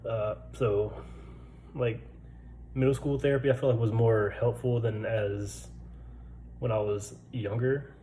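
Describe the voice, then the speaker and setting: A man's voice: mid-range voice, fairly even intonation, a little slow, long pauses, mellow, a little hiss or hum, poor audio. A man in his twenties who stutters, telling his own story in a laid-back, casual way with lots of fillers, recorded in a barracks room. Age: 20s. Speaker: vlogger.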